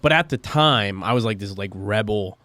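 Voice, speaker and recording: Young guy rambling thru stories on a podcast, lots of ums and cussing, lowish voice, dead dry mic. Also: expressive, moderate pace, bright, forceful tone, no room sound. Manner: rambling storytelling, lots of fillers and swearing. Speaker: podcast co-host. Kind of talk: casual chat.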